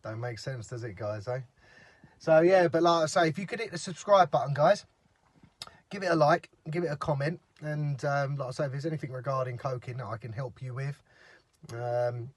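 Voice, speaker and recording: A man's voice: medium pitch, moderate pace, no room sound. A man chatting to camera by a lake in a gossipy, chatty way, swearing freely. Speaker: fishing vlogger. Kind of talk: casual chat to camera. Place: outdoors by a lake.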